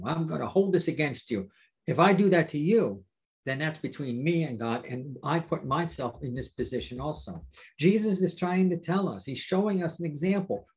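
A pastor with a raspy, somewhat high-pitched voice teaches a Bible study to viewers. He talks directly to them, stressing points with rhetorical questions. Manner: warm, direct address to viewers.

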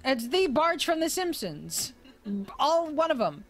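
Young woman streamer, high lively voice, unhurried, excitable, swears, faint game music. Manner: excitable, swearing, shrieks and laughs. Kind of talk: casual gameplay commentary.

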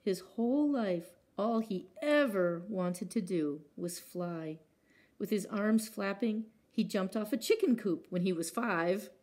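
A woman's voice: medium pitch, unhurried, darkish tone. A woman librarian reading picture books aloud at children's story time, acting out sound words and stopping to ask the children questions.

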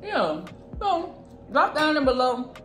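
A woman's voice: high voice, sing-song, takes it slowly, fairly bright tone. Woman, teasing chatter, echoey room, faint music. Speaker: co-host of a couple's cooking channel. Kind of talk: casual chat.

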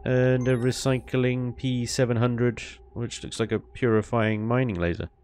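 A man giving casual, animated commentary on his gameplay, ranting and laughing with mild swearing. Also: medium pitch, a little slow, a little hiss or hum. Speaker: gaming YouTuber.

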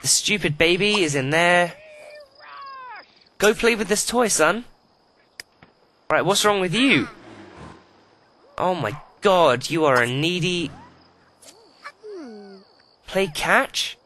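A man's voice: sits high, expressive, slow, long pauses, sharp tone, slight background noise. A man giving profane, exasperated running commentary while playing a life-simulation video game. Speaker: let's play host.

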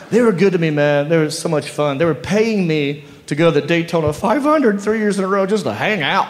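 A man telling an animated stand-up story, laughing through his lines. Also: on the high side, brisk, few pauses, big-room sound. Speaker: stand-up comedian. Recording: live stand-up with audience noise. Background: audience laughter.

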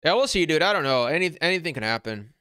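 A blunt, loud-mouthed crypto channel host answers viewer comments on a casual livestream while wearing noise-canceling headphones, half-yelling in a brash, no-nonsense way. His fairly high voice is bright and forceful with a crisp, smooth edge, very animated and fast. The sound is close and dry, with little room around it.

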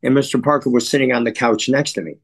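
A man from Chicago, a guest in an interview, telling stories in a measured, earnest way and often clearing his throat. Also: mid-range voice, fairly even intonation. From Chicago, USA. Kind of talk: reflective interview storytelling.

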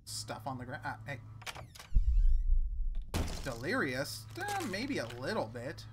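A man's voice: a little high, wildly swooping pitch, takes it slowly, pauses often, fairly bright tone, slight background noise. A man playing a horror video game and commenting on it, sarcastic and jumpy, talking back to what he sees on screen. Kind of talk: let's play commentary. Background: game music.

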